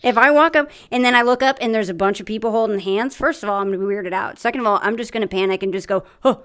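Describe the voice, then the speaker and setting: A young woman hosting a casual stream, playful and quick to laugh. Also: mid-range voice, fairly bright tone, smooth. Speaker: streamer host.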